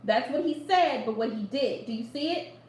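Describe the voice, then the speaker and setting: A woman hosting a live chat with her viewers, animated and emphatic, repeating her points and laughing often. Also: on the high side, normal speed, echoey room, rough recording. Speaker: livestream host giving readings.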